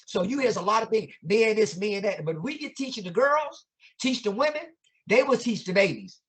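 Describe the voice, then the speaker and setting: Speaking at a normal speed, this man has a high, expressive, slightly bright voice. He's a guest educator whose conversational teaching is impassioned and preacher-like, full of rhetorical questions and casual vernacular grammar.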